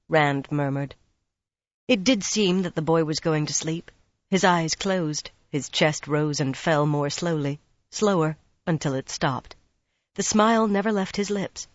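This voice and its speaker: An audiobook narrator reading fantasy prose in a steady, measured voice at a middle pitch. The recording is dry and close with no room sound. It comes across somewhat dull and lo-fi. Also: no echo.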